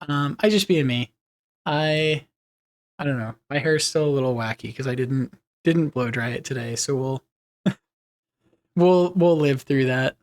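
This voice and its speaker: A man's voice: mid-range voice, a little slow, pauses often. A young man chatting casually on a live stream, rambling and reading chat messages aloud with easy laughs.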